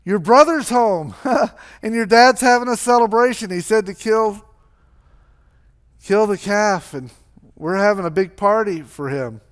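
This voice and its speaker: A man's voice: sits high, measured pace. A man doing an awkward farm worker.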